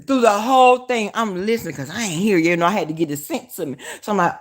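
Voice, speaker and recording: A woman with a Southern US accent on a casual livestream, talking loudly and profanely, hollering and calling her viewers y'all. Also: medium pitch, animated, quick pace, few pauses, slight background noise. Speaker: vlogger.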